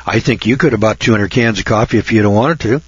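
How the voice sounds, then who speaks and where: A man's voice: fairly low pitch, fast talker, husky, no room sound, highs cut off. A man giving a folksy, sarcastic rant in casual talk to his audience. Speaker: online video host. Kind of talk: casual ranting monologue.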